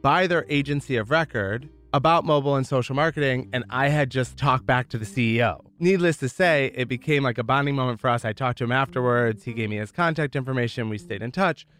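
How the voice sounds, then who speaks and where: A man's voice: medium pitch, fairly quick, hardly any pauses, a bit bright, faint music behind. A man from Michigan telling his founder story in a candid, chatty way, dropping "like" often. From Michigan, USA. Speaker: entrepreneur guest. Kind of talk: casual storytelling.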